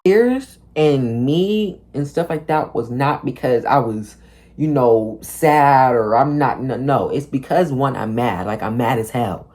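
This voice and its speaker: A man's voice: medium pitch, measured pace, slight background noise. Rambling young man telling a storytime. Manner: rambling, heavy use of "like", profane slang; animated storytelling, acting out officers and himself. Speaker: vlogger. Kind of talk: storytime monologue.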